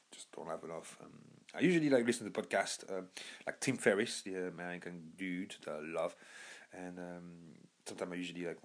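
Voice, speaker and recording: A young man from Birmingham with a lowish voice, chatting casually as a podcast host. He rambles, trailing off and restarting with plenty of fillers. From Birmingham, England. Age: young adult. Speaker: podcast host recommending books. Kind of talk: casual monologue.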